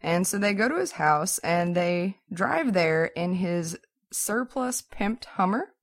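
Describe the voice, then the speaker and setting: Woman telling a story, lower voice. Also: slow. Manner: animated, with lots of "like" and "so". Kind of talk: casual storytelling chat.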